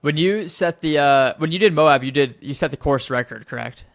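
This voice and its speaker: A man's voice: on the high side, normal speed, vocal fry. A man hosting a podcast, chatting casually with his guest and reacting with short amazed remarks. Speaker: podcast host. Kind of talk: casual interview chat.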